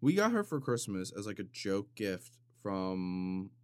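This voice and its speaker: A man hosting a comedic solo podcast, rambling in a deadpan way with sudden loud bursts and some vocal fry. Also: sits low, a little slow, no echo. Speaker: podcast host. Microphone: studio microphone.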